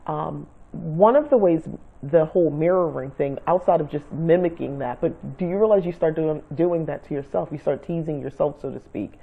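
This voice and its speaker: A woman's voice: sits low, moderate pace, vocal fry, breathy edge. A woman giving casual spiritual advice to camera, rambling and searching for words as she talks. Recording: tinny phone-like sound.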